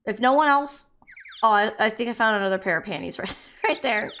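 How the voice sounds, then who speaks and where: A woman's voice: on the high side, lively intonation, a little fast, a bit bright, a little hiss or hum. A woman streamer chatting and rambling playfully while playing through a story game. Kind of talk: gameplay commentary.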